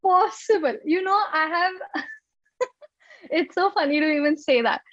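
A young woman with an Indian English accent, a podcast guest who talks in an animated, giggly, self-mocking way. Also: sits high, unhurried, no echo, dull audio. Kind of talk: casual interview chat.

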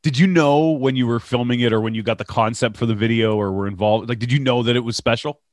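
A man's voice: mid-range voice, fast, dry recording, clean studio sound. A man from Canada hosting an interview, asking questions and giving short encouraging responses.

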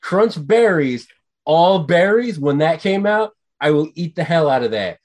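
A man co-hosting a podcast in casual chat, ranting with profanity and getting animated. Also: fairly high pitch, measured pace. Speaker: podcast co-host.

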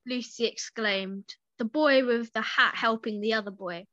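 A young woman with a high, bright voice reads a story for a podcast in a relaxed way and keeps breaking off to giggle and chat. Her voice is close and dry, and the sound is a little dull. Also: moderate pace, hardly any pauses, dry recording. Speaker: podcast co-host reading a story aloud. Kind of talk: casual story reading with chat.

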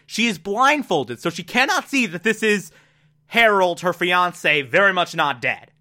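Bright, gushing TV recapper. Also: medium pitch, measured pace. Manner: gushing and animated, with sudden excited outbursts. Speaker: TV episode recapper. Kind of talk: excited casual recap.

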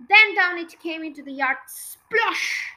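A woman reading a children's book aloud for her podcast in an expressive, lively way. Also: very high-pitched, a little slow, poor audio. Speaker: podcast reader.

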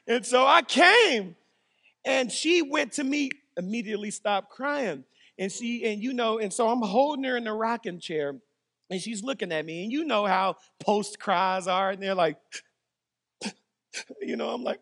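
Pastor guy telling stories from the pulpit, high voice, big hall echo. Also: moderate pace, creaky. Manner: animated, storytelling, jokey. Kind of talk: sermon with personal stories. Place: church hall. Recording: long hall reverb.

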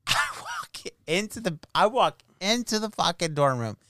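A man's voice: sits high, very animated, measured pace, pushed and bright, no echo, studio quality. A man hosting a podcast, telling a story in casual chat, swearing and laughing as he goes. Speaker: podcast host.

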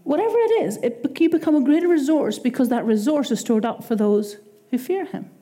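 Irish woman preacher, higher-pitched, warm mellow voice, chatty sermon delivery. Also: a little fast. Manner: animated, conversational preaching with quoted asides.

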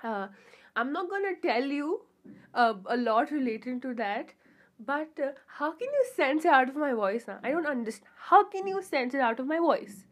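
Chatty young woman with a higher voice. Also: lively intonation, normal speed. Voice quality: pure-sounding voice. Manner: rambling and chatty, with frequent fillers and giggly asides. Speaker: podcast host. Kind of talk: casual solo podcast chat.

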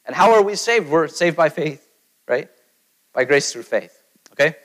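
A man's voice: a little high, animated, moderate pace, fairly bright tone, poor audio. A middle-aged man preaching a conversational sermon, often checking in with his listeners as he talks. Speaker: pastor.

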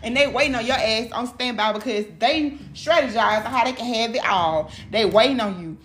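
Profane, animated woman reading tarot. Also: on the high side, a little fast. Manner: profane, animated, talks straight to viewers. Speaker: tarot reader. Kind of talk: casual tarot reading vlog. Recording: echoey room with clear background noise.

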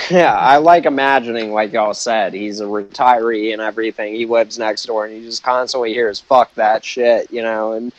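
A man's voice: lowish voice, steady tone, normal speed, no echo, dull audio. A man co-hosting a podcast, talking casually in crude, joking banter and laughing often. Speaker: podcast co-host. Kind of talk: casual chat.

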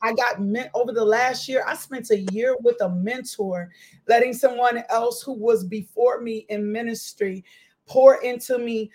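A woman hosting a faith podcast, her voice sitting a little high. She speaks in an emphatic, preachy way and repeats key phrases for effect. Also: steady tone, measured pace, darkish tone, a little hiss or hum. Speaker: host and ministry leader. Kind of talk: casual faith podcast conversation.

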